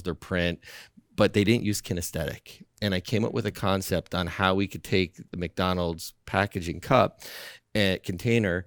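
A man as a podcast guest, telling a story in an animated, persuasive way and acting out the dialogue. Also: low voice, dry recording, clean studio sound. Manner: animated, acts out dialogue from his own story. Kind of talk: storytelling in conversation.

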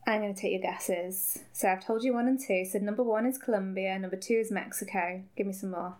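A woman's voice: mid-range voice, steady tone, a little fast, darkish tone. A woman co-hosting a podcast in casual chat, giggly and playfully ironic. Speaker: podcast co-host.

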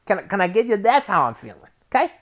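A man's voice: sits high, big pitch swings, fast talker. A man, a Detroit-area sports fan, rambling through a casual sports rant full of restarts and swearing, growing exasperated. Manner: rambling, frequent restarts and profanity, rising to exasperated. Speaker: sports podcaster.

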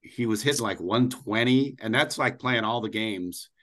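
A man co-hosting a podcast, giving a relaxed, matter-of-fact rundown. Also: fairly low pitch, moderate pace. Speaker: podcast co-host. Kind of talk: casual baseball chat.

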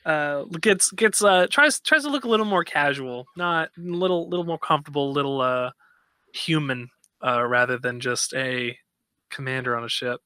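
A man describing his character's actions at a tabletop game, slow and hesitant. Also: on the high side, bright, forceful tone, clean tone, dry recording. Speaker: player.

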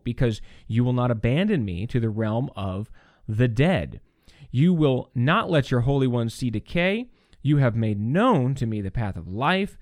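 Earnest and animated, a man hosting a podcast teaches scripture conversationally, repeatedly restarting sentences and checking in with "right?" His voice is medium in pitch, and the studio-quality recording has no room sound.

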